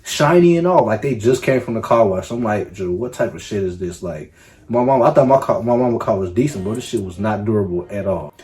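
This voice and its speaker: A young man telling a story on his vlog in a casual, profane, animated way, full of slang. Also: fairly low pitch, fairly quick. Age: young adult. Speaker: YouTuber.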